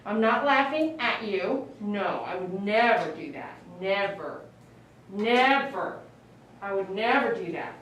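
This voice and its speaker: Grooming a dog live on her channel, a woman in a salon coos and praises it in baby talk. Her mid-range voice is animated and fairly bright, and she takes her time. The room echoes, the mic is set back, and a little hiss or hum is present.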